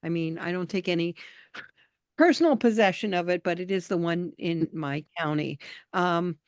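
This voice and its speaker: A woman from New York state joining a video call, chatty and animated, often trailing off into quieter asides. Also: fairly low pitch, moderate pace, dry recording, studio quality. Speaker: call participant, activist. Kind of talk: casual video call conversation.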